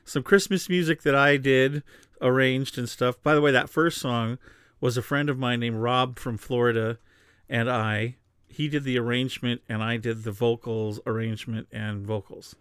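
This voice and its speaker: A man's voice: medium pitch, normal speed, clear, resonant tone, dry recording, studio quality. A man co-hosting a podcast in casual chat, with a slight lisp from new bottom teeth, carefully enunciating his words. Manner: relaxed, chatty, enunciating carefully. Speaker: podcast co-host.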